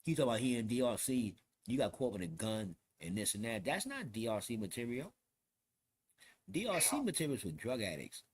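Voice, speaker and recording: Animated New York man telling stories. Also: medium pitch, brisk, slight background noise. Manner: animated, profane, street slang, acts out quotes. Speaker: podcast host. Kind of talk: casual storytelling chat.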